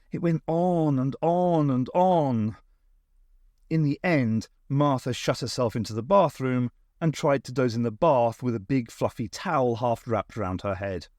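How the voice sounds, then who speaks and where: Male narrator, expressive and measured, animated pitch, dry booth-like sound. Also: no room sound. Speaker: audiobook reader. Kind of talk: unabridged novel reading.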